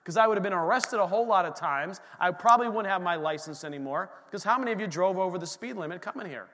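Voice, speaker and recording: A man in his thirties delivers a lively sermon, tossing in asides and humor for the congregation. His voice sits high for a man. The sound rings with the long reverb of a church hall. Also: fast talker, slight background noise. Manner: animated preaching with asides and humor. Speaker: pastor. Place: church sanctuary.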